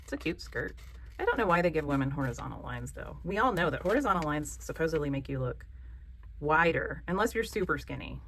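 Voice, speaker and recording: Woman, Southern American accent, lowish voice, chatty, joking, encouraging, faint room hum. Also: big pitch swings, brisk, fairly bright tone. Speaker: craft channel host. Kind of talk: casual craft tutorial.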